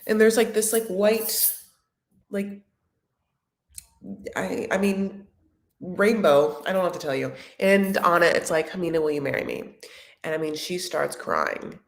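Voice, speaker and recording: A woman hosting a live chat recap of a reality show, sassy and chatty, calling her viewers honey. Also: on the low side. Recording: echoey room.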